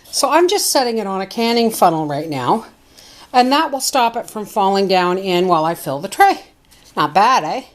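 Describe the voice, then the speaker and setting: A woman's voice: mid-range voice, big pitch swings, normal speed. A homestead vlogger, a woman with an everyday mid-range voice, chats her way through a kitchen demonstration. She has a folksy, easygoing manner and narrates each step as she works.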